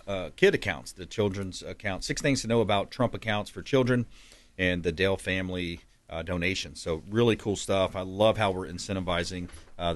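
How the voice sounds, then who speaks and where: Indignant radio talk host, man. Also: low voice. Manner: animated, indignant commentary. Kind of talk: casual radio talk show.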